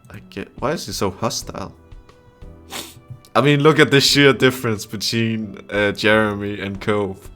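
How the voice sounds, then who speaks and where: A young man with a fairly low voice reads a visual novel aloud in a casual gaming video. He breaks off often to laugh and to make blunt, profane remarks about the characters. Faint music plays under his voice. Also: steady tone, moderate pace, fairly bright tone. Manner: reads the game text aloud, with frequent laughs and crude asides. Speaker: gamer playing a visual novel. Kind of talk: casual let's-play commentary.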